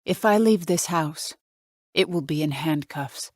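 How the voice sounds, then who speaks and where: Audiobook narrator: woman, low voice, wry and measured first-person read, dry close sound. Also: a little mellow, no echo.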